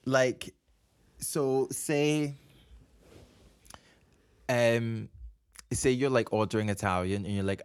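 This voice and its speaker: A man in casual podcast chat who circles around his point, restarting sentences and giggling. His voice sits at a middling pitch. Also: slow pace, long pauses, clear, resonant tone. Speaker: podcast co-host.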